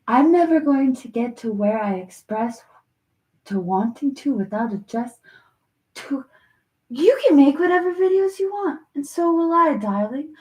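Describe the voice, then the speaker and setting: A woman vlogger in an emotional direct-to-camera monologue, talking straight to an absent person, halting and repeating herself. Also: high voice, animated, darkish tone, reverberant.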